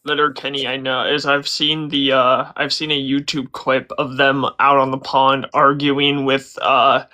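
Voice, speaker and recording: Bright-voiced man, loose profane chat. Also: mid-range voice, level tone, measured pace. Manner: loose and profane, swears casually. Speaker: podcast co-host. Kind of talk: casual chat.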